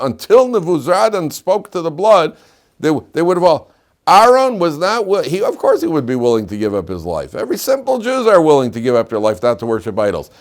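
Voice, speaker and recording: A middle-aged rabbi giving a lively classroom lecture, telling stories and quizzing his students. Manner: animated storyteller, swings between loud emphatic peaks and low asides, quizzes students.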